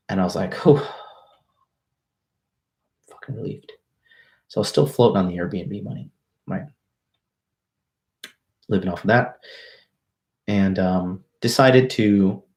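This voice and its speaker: With a low, slightly mellow voice, a man who coaches dating chats straight to his livestream viewers. He relates a story with casual confidence, his language thick with profanity and cocky slang.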